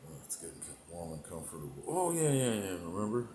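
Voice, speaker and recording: Profane, rambling man, low voice. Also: sing-song, fast talker, mellow, echoey room, slight background noise, poor audio. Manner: profane, meandering, laughs between thoughts. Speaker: comedic performer. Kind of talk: rambling improvised comedic monologue.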